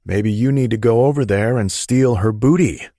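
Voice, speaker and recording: A man's voice: medium pitch, normal speed, dark tone, no echo, studio quality, voice pushed up, lightly acted. Man doing a teasing male buddy. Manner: joking and crude. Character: teasing adult male best friend.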